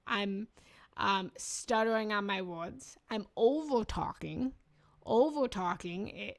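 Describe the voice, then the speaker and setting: Gravelly-voiced woman spiritual coach. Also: medium pitch. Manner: chatty, self-interrupting, laughs at herself. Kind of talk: casual live teaching on chakras.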